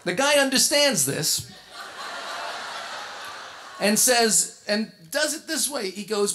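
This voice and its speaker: A middle-aged man, a jazz guitarist and singer, telling a funny story on a concert stage, lively and full of restarts. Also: sits high, takes it slowly, long pauses, slight background noise. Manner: animated, comic storyteller with frequent laughs and restarts. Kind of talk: anecdotal storytelling at a tribute concert. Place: concert stage before an audience.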